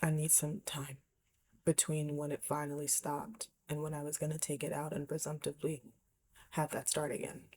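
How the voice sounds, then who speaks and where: A woman's voice: deep voice, monotone, moderate pace, darkish tone. A woman vlogger telling a personal story to camera in a candid, reflective way, often dropping to a near whisper.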